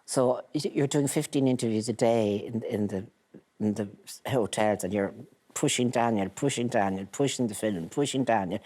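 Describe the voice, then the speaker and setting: A woman's voice: very deep voice, darkish tone, husky. An older Irish woman, a guest in a casual chat, telling stories with dry wit and laughter. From Ireland.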